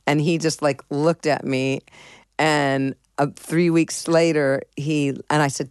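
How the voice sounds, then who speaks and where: As an interview guest, a middle-aged woman musician tells blunt, swear-laden stories with animation, acting out both sides of old arguments. Her low, slow voice sounds smooth and clear, recorded dry and close with no room sound.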